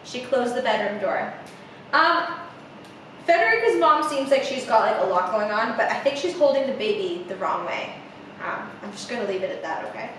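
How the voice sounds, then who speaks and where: A young woman reading a picture book aloud to children, animated and chatty with many asides, in an echoey room heard from a distance. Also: fairly high pitch, normal speed, slight background noise. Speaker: theatre coach reading to children.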